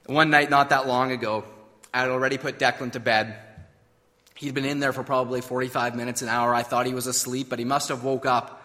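A man's voice: medium pitch, level tone, fairly quick, bright, forceful tone, in a large hall. A man preaching a sermon, emphatic and full of rhetorical questions. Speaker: pastor.

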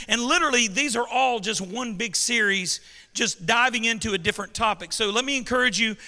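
In a large church hall, a long reverb trails every line from a male pastor whose voice is very high and piercingly bright. His sermon is emphatic call-and-response preaching, and he calls out so the congregation echoes his words back.

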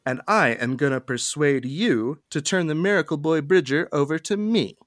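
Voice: mid-range voice, moderate pace, dry recording, clean studio sound, close to an everyday voice. A podcaster voicing a smug male captor delivering drawling threats.

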